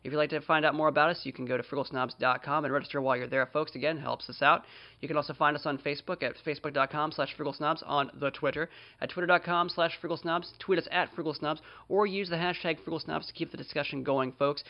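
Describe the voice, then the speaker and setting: A podcast host in a small studio chats casually, joking at his own expense and slipping into fast promo patter. His voice is fairly high with a steady tone, and the audio sounds dull.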